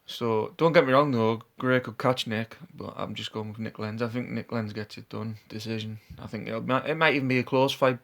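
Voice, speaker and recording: A man with a mid-range, gravelly, slightly bright voice talks casually to camera about his fight predictions. His vlogging is unscripted, laid-back and hesitant, and he often trails off and starts again.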